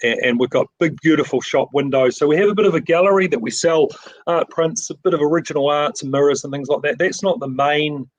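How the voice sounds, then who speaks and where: A man's voice: fairly high pitch, quick pace, no echo, rough recording. Modest New Zealand man on a video call. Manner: modest, rambling, many fillers and restarts. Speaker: framing shop owner. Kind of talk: casual interview.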